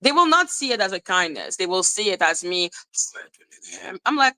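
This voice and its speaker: Profane, ranting woman with a bright voice. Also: fairly low pitch, big pitch swings, moderate pace, rough recording. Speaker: livestream commentator. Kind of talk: casual livestream rant.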